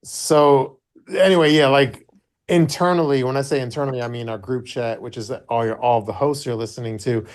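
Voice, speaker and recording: A man's voice: medium pitch, fairly even intonation, moderate pace. A man hosting a podcast, rambling in casual chat with frequent swearing and gossip. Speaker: podcast host.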